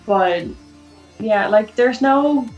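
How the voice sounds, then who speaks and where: A woman's voice: mid-range voice, drawn-out words, darkish tone, soft background music. Woman on a roomy, dull call. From Netherlands. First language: Dutch. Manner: chatty, self-deprecating. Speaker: guest illustrator. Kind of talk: casual chat. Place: home in Ireland, late at night.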